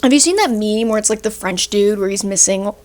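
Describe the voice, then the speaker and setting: In a darkish, mid-range voice and at a fairly quick clip, a student in her early adulthood rants casually about grammar and statistics. She hiccups as she talks and habitually closes sentences with "right?"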